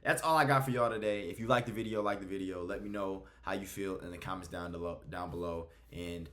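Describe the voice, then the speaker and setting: Brief: young male host, lower register, heated and foul-mouthed rant. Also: fairly even intonation, quick pace, a bit bright. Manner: blunt, profane, heated. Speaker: MMA commentary YouTuber. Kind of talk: ranting video commentary.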